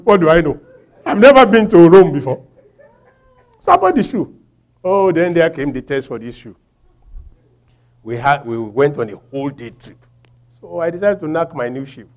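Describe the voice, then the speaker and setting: Animated Nigerian man preaching. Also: on the high side. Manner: animated storytelling, laughing, shouting when acting out quotes. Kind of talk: sermon with a personal story.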